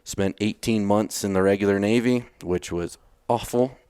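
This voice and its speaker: This Texan retired Navy SEAL, appearing as a podcast guest, has a lowish, mellow, clear voice with a resonant quality and talks at normal speed. The studio recording is clean and free of echo. In this casual storytelling interview he's blunt, curses offhandedly, and performs his own past lines.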